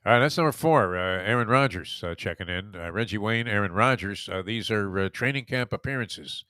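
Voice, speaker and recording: A man hosting a sports talk show, chatting casually, laughing along and filling pauses with many uhs. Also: lowish voice, lively intonation, bright, forceful tone, no echo, clean studio sound.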